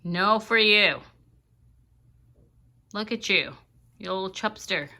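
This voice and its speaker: Pet-scolding woman with a bright voice. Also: medium pitch, takes it slowly. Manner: scolding firmly, then cooing in baby talk. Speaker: pet owner filming her parrot. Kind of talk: casual vlog talking to a pet and viewers.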